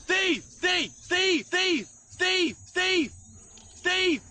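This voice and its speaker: Shrill, bright-toned meerkat, repetitive screeching calls. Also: male voice, lively intonation, drawn-out words, vocal fry, heavily acted. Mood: shrieking. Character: shrill frantic meerkat shouting for a friend.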